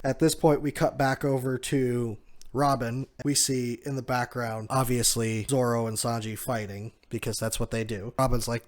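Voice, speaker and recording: A man's voice: mid-range voice, fairly even intonation, measured pace. Laid-back man recapping a comic chapter. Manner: laughs often, quotes characters in a lightly lifted voice. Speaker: manga recap host. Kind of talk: casual chapter recap, retelling scenes with quoted lines.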